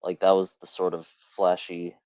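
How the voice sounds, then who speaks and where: Man, very deep voice, thoughtful podcast co-host, dull dry lo-fi recording. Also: completely flat delivery, moderate pace, a little mellow, no echo. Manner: thoughtful, hesitant with fillers. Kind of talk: casual podcast chat.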